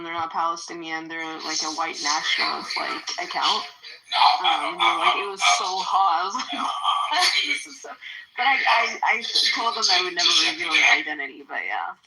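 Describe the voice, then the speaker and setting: A woman in casual chat, giggly and animated, with a mid-pitched, bright voice. Her pitch moves about lively as she talks. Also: rough recording.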